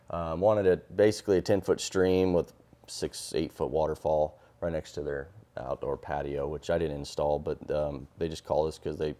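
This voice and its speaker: A man's voice: rumbling low, warm tone. A man, a hardscaper and water feature builder, telling earnest stories in a casual podcast chat, with many fillers and restarts.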